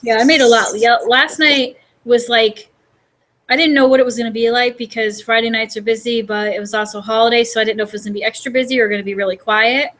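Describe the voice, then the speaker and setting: A woman's voice: fairly high pitch, fairly even intonation, fast talker, a bit bright, low-quality recording. A woman vlogger and host in casual chat, chatty and rambling with many fillers.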